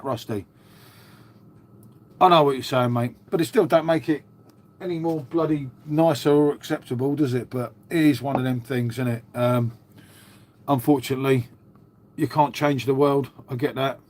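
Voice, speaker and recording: On a livestream, a middle-aged host chats casually with viewers, answering their questions and calling them mate. He speaks at normal speed in a mid-range voice with fairly even intonation. His talk is sprinkled with "mate" and "um" in a friendly, chatty way.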